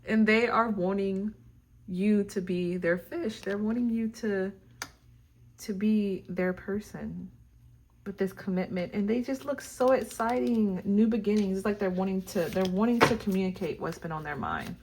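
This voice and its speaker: A woman giving a casual tarot reading, talking straight to her viewers in a gushing, excitable way. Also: mid-range voice, moderate pace, slight background noise. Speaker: tarot reader.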